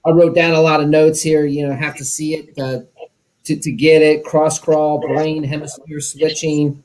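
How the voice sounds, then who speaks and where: A man's voice: a little high, little pitch movement, moderate pace, darkish tone, slight background noise, poor audio. A man hosting an event, chatting casually and easily with plenty of fillers. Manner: friendly, easygoing and full of fillers. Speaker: event host. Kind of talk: casual chat.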